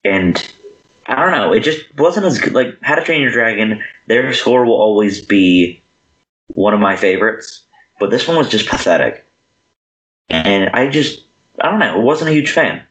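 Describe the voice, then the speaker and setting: A man's voice: fairly low pitch, moderate pace. Young man chatting in an echoey room. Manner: animated, acts out scenes in character voices. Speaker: podcast co-host. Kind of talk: casual movie review chat.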